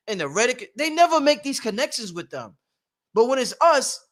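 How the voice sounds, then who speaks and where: High pitched guy going live from home, preachy and animated, laughs a lot. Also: brisk. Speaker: livestream host. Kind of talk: casual livestream monologue.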